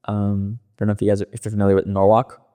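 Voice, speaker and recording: A young man from the Los Angeles area speaks in a lowish, mellow, smooth voice, rapid-fire and completely flat in delivery. He's a podcast guest telling loose, profane stories in casual interview talk full of fillers.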